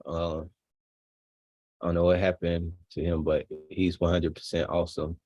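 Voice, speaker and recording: A man casually commenting on a video he is watching, relaxed and chuckling often. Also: low voice, moderate pace, no echo, muffled recording. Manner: laid-back, chuckling often. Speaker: streamer reacting to a video.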